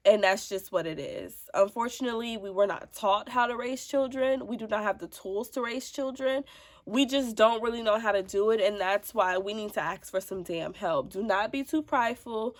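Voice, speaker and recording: Congested young mom vlogger, frank and sassy. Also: female voice, mid-range voice. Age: 20s. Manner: frank, sassy, talks straight to viewers. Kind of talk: casual sit-down advice vlog.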